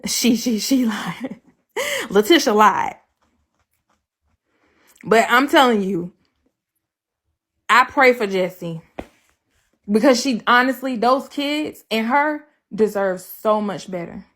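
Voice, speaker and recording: A woman's voice: on the high side, expressive, takes it slowly, long pauses, a bit bright. A woman talking casually on a livestream, blunt and profane, hammering her points home by repeating them. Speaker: livestreamer telling her side of a breakup.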